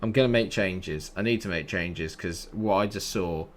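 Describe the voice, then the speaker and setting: A man's voice: deep voice, moderate pace. A young man commentating his own football management game in a casual way, grumbling under his breath and breaking into exasperated outbursts. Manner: exasperated, swings from mutters to outbursts. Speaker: gaming YouTuber. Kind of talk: casual let's-play commentary.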